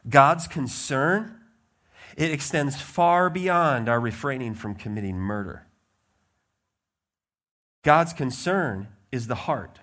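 A man preaching a sermon as a pastor, emphatic and blunt, with lively swings in his delivery. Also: mid-range voice, slow pace, pauses often.

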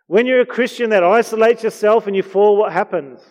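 Earnest man preaching, higher voice. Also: brisk, a little mellow. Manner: earnest, heartfelt preaching with rising intensity. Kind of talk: sermon. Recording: dull lo-fi recording.

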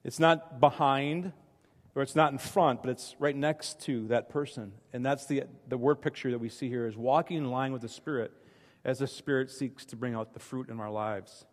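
A man's voice: medium pitch, fairly even intonation, moderate pace, in a large hall. A man preaching a conversational sermon, telling personal stories in a chatty, self-deprecating way with frequent restarts.

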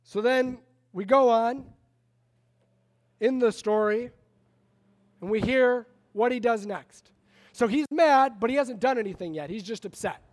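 A man preaching a sermon in a conversational, animated way, retelling a story with frequent restarts. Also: very high-pitched, measured pace, pauses often. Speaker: pastor.

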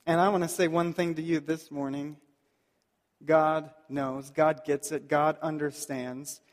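A man preaching a sermon as pastor, earnest and pleading, slowing down to stress key points. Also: a little high, level tone, long reverb tail. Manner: earnest, pleading, slows down for emphasis.

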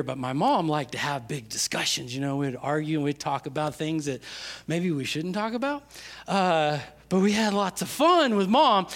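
A man preaching a sermon, stressing key phrases with slow, drawn-out words and swinging from loud to hushed. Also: high-pitched. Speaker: pastor.

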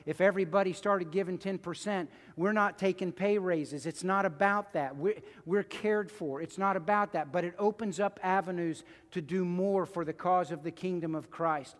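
High-pitched guy pastor, preaching casual-like, lots of repeats, church sanctuary with long echo. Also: normal speed, few pauses. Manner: conversational preaching with repetitions and stories. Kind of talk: sermon.

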